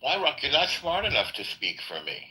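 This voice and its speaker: A man in a live audio chat room, talking sarcastically and in quick bursts. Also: on the high side, wildly swooping pitch, pushed and bright, poor audio. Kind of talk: casual political chat.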